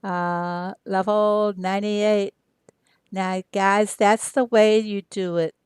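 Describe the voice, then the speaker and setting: An older woman from Arkansas, chatting casually with viewers on her game livestream in an unhurried way with lots of fillers. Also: mid-range voice, fairly even intonation, darkish tone, clear, resonant tone, no echo, studio quality. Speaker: game streamer.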